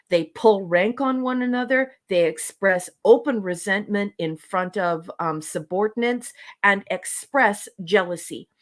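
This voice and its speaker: A woman on a casual podcast, reviewing episodes in an exasperated, sarcastic rant. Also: mid-range voice.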